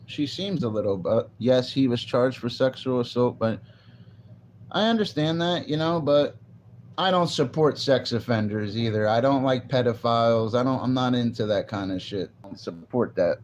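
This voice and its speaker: A man's voice: medium pitch, expressive, moderate pace, slight background noise. A man talking casually on a live stream, rambling loosely and answering viewers' comments. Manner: rambling, loose, restarts and reads chat aloud. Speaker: livestreamer.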